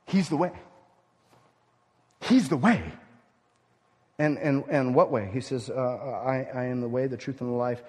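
A man preaching a sermon as pastor, swinging from loud emphatic lines to hushed, near-whispered ones. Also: medium pitch, unhurried, pauses often, breathy edge, big-room sound.

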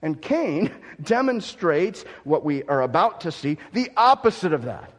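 A man's voice: fairly high pitch, sing-song, measured pace. Man preaching a sermon in a reverberant hall.

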